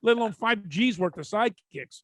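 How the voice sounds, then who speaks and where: A man's voice: sits high, fast, no room sound. A man, co-hosting a podcast and telling stories full of swearing, acting out both sides of each exchange. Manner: profane, animated storyteller acting out dialogue. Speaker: podcast co-host. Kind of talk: casual chat, storytelling.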